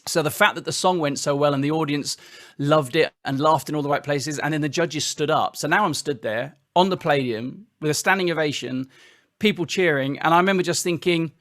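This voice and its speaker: A middle-aged man from Britain, telling stories as an interview guest with lively restarts. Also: fairly high pitch, brisk, no echo, studio quality. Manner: animated storytelling with frequent restarts. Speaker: interview guest, singer-songwriter. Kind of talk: casual interview chat.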